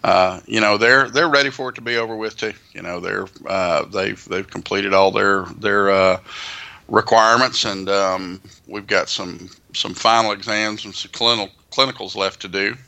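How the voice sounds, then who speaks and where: Gravelly, bright-toned paramedic co-host. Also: male voice, on the low side, steady tone. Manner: drawling, halting, repeats words, self-deprecating. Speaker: paramedic instructor and podcast co-host. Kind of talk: casual podcast chat.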